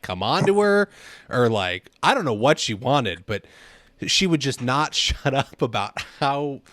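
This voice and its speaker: A man's voice: medium pitch, fairly bright tone, dry recording. A man hosting a casual podcast interview, easygoing, laughing along and often saying "man". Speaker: podcast host.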